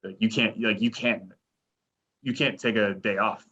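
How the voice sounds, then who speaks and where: Man, podcast guest, bright forceful voice, rambling, dull lo-fi audio. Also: lowish voice, steady tone, a little slow, slightly rough. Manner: rambling, full of likes and restarts. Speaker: sports director and reporter, podcast guest. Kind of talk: casual interview chat.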